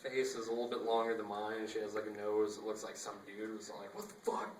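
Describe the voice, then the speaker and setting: A man's voice: on the low side, little pitch movement, fast talker, heavy background noise. A young man casually telling a rambling story, acting out the dialogue and laughing often, recorded on a phone. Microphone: phone camera. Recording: echoey phone recording from a distance.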